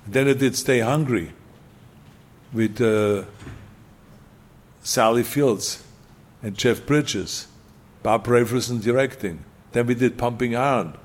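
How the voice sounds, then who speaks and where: Speaking at a medium pitch, an older Austrian-accented guest recounts his story in a relaxed chat, hammering home his points by repeating key phrases with emphasis.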